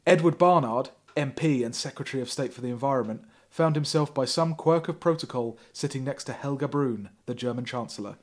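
A man on his podcast gives a comic reading of a thriller novel in a mid-range voice, a little fast and with few pauses. Dripping sarcasm, he keeps laughing and stopping to ridicule the writing.

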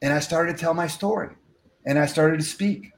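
A man telling a story from his life as an interview guest, acting out the dialogue with lively energy. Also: on the high side, normal speed, gravelly, reverberant. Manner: animated, acts out dialogue. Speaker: guest speaker.

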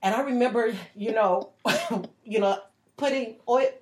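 A woman chatting casually in a group, quick to react and reflective when she tells a memory. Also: on the high side.

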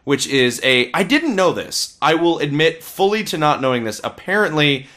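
A man's voice: a little high, big pitch swings, normal speed, bright, forceful tone. A man co-hosting a casual podcast, rambling and opinionated as he reviews films, swearing freely. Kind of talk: casual chat.

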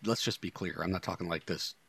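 A man on a casual podcast who speaks bluntly and teases with dry sarcasm. His voice is very low but bright and forceful. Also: fast, creaky, breathy edge. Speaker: podcast co-host. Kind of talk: casual chat.

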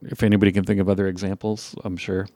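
A man's voice: low voice, level tone, fast talker, mellow, dry recording. A man co-hosting a podcast, musing in a thoughtful, hesitant way. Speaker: podcast co-host. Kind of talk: casual chat.

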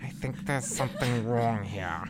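A woman's voice: rumbling low, measured pace. A woman playing a bumbling, insecure male adventurer wizard who stammers and blusters, with a noisy home recording behind. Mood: suspicious. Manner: stammering, blustering, swings into crying.

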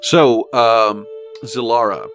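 A man running a tabletop game as game master, calm and matter-of-fact. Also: mid-range voice, slow pace.

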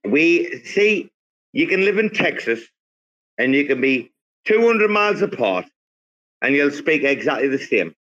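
A man's voice: fairly high pitch, big pitch swings, unhurried, a bit bright, muffled recording. A man from England hosting a casual group chat, rambling with lots of fillers and restarts. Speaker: host. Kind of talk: casual group chat on a live audio space.

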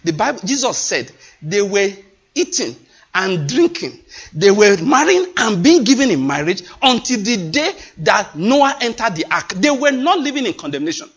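A man's voice: high-pitched, very animated, moderate pace, breathy edge. A man preaching a sermon, impassioned and emphatic, repeating his phrases. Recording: dull lo-fi recording.

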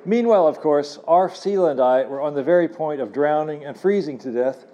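A man reading his own adventure novel to a live audience in a cafe, expressive and wry, adding asides. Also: on the high side, a little fast, few pauses, highs cut off. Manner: wry, expressive storyteller who adds asides.

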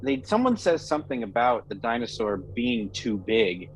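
A man's voice: mid-range voice, sing-song, moderate pace. Hesitant casual man, faint noisy background. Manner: hesitant, trails off and restarts. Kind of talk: casual chat.

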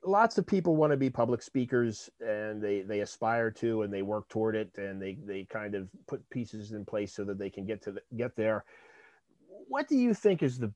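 A man's voice: on the low side, expressive, moderate pace, a little mellow, no room sound. A man hosting a podcast interview, affirming and summing up his guest's points. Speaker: podcast host. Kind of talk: interview conversation.

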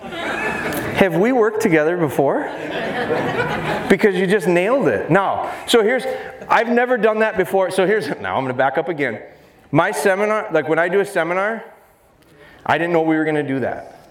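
Lively man giving a seminar in a roomy hall. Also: high voice. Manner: fast, lively, joking with the crowd. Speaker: dog trainer giving a seminar. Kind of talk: live seminar talk to an audience. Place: large expo hall. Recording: roomy live hall sound, faint noise.

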